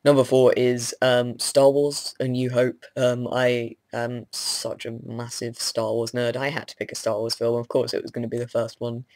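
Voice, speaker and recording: A man's voice: mid-range voice, flat delivery, normal speed, hardly any pauses, darkish tone, no room sound. Groggy young man, rambling. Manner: rambling, hesitant with many ums, self-deprecating. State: groggy, just woken up. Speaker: vlogger. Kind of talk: casual rambling chat to camera.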